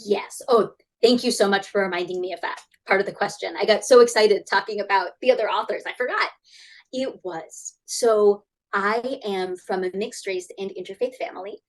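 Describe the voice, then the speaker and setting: A woman in her thirties, a guest author chatting in an interview over a video call, animated and acting out quoted voices. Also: moderate pace, poor audio. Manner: animated, acts out quoted voices with big pitch jumps. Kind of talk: casual interview chat.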